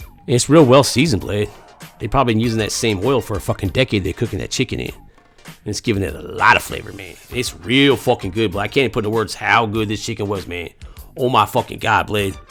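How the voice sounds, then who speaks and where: A man's voice: on the low side, fairly bright tone. A man from the United States telling a crude comedic story, profane and rambling with lots of slang.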